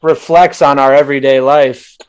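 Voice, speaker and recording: A man's voice: medium pitch, steady tone, moderate pace, clean tone. A man hosting a casual podcast chat, laid-back and slangy, reminiscing with friends. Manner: laid-back, says "dude" and "bro" a lot.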